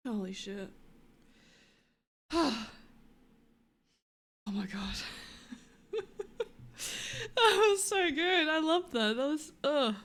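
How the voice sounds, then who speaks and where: A woman's voice: high voice, very animated, extremely slow, long pauses, fairly bright tone. A woman streamer chatting casually on a live stream, giggly and chatty and swearing often.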